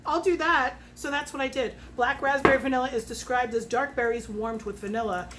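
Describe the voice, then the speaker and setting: A woman in her fifties chatting casually at home as a fragrance consultant, swearing freely and working out prices out loud. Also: high-pitched, fairly even intonation, brisk, noisy background. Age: 50s. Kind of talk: casual chat.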